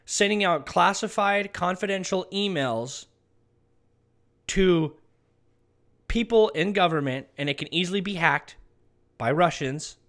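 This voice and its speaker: A man's voice: sits high, measured pace, pauses often, a bit bright. A man delivering an emphatic political commentary monologue who often tags his lines with "okay". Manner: emphatic, repeats "okay" as a tag. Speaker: online commentator.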